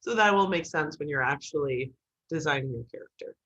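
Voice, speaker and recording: A woman instructor giving an online writing class in a joking, lively way, over a video call. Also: low voice, a little fast, breathy edge, highs cut off.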